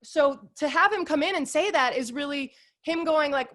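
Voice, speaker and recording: A woman's voice: high-pitched, moderate pace. Upbeat, earnest woman guest. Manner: upbeat, warm, earnest with lots of "like" and "you guys". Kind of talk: casual conversational interview.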